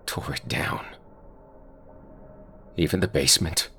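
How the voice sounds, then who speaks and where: A man's voice: a bass voice, slow pace, creaky, bright, forceful tone, a little hiss or hum, full character voice. A man voicing a frightened young man who speaks nervously and stammers.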